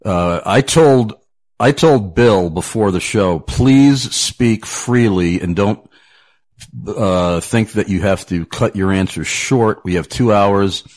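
A man with a very low voice hosts a radio talk show. He talks in a casual, chatty way, often stumbling over repeated words and laughing easily as he goes. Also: slow pace, a little mellow.

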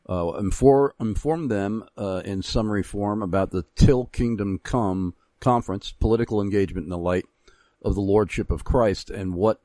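Low mellow guy hosting a christian talk show, slow and halting, dry close sound. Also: no room sound. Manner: measured, halting, frequent pauses. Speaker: radio show host.

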